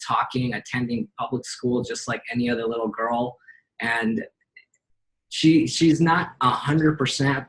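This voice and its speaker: A man who runs a hyperbaric treatment facility, explaining it in a measured way with frequent pauses and fillers. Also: mid-range voice, slight background noise, poor audio. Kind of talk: informative explanation.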